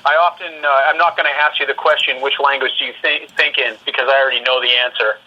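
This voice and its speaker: A man's voice: medium pitch, fairly even intonation, quick pace, bright, forceful tone, breathy edge. A man from British Columbia with a Western Canadian accent, a guest telling easygoing stories in casual chat, heard over a dull phone line. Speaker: podcast guest, musician.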